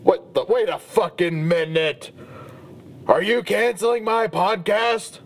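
A man's voice: sits high, slow pace, creaky, heavily acted. A man doing Mike Haggar, crude macho brawler. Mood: furious. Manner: crude, profane macho bluster. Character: gruff macho middle-aged brawler, crude and hot-tempered. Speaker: comedy podcast host in character. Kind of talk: comedic character monologue.

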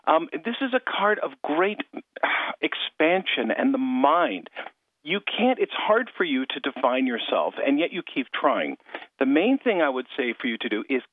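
Lively male astrologer on a phone line. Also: a little high, measured pace, no room sound. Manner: explanatory, animated, chatty. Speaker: astrologer and co-host. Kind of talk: call-in radio chat. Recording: tinny phone-line sound.

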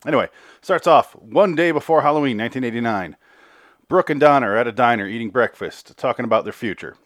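A man's voice: mid-range voice, lively intonation, fast talker, a bit bright, no room sound. A man hosting a podcast, recapping an episode in a rambling, offhand way with some swearing. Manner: rambling, profane, self-interrupting. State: slightly out of breath. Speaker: podcast host.

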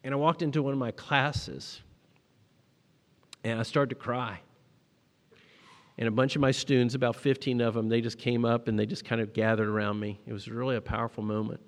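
A middle-aged man preaching a sermon, telling personal stories, rising to emphatic peaks and dropping to quiet moments. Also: mid-range voice, steady tone, a little fast, pauses often, big-room sound. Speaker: pastor.

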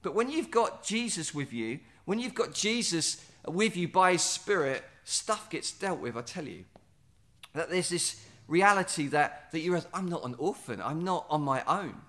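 Earnest male preacher, slightly high voice. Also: animated, pushed and bright. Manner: earnest, repeats words, slows down for emphasis. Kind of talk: sermon. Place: standing in a building site or venue.

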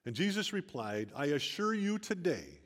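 A man's voice: a little high, sing-song, moderate pace. Older man preaching in a reverberant hall. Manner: earnest, storytelling, rising emphasis. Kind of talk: sermon.

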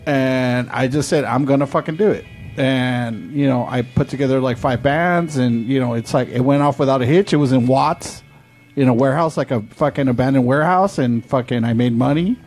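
A man's voice: mid-range voice, moderate pace, a little mellow. Middle-aged guy rambling about putting on shows, swears a lot, faint music behind. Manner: profane, rambling storytelling. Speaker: show promoter. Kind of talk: casual chat.

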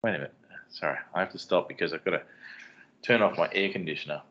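This is a man with a fairly low voice, co-hosting a podcast. He chats casually and jokes about editing the episode. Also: fast talker, fairly bright tone, roomy sound, dull audio. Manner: joking, talks about editing the show. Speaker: podcast co-host and producer. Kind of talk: casual chat and outro read. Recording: outro read over clear guitar music.

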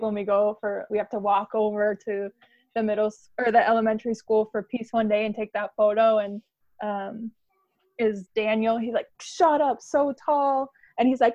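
A woman middle school teacher chatting excitedly, with many fillers and "like"s. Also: on the high side, moderate pace, dry recording, lo-fi sound. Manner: excitable, lots of "like". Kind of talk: casual chat.

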